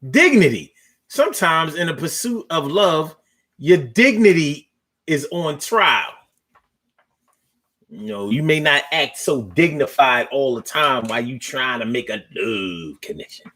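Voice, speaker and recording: A man hosting a casual, profane storytelling monologue in loose conversational talk, with pauses as he searches for words. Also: a little high, expressive, a bit bright.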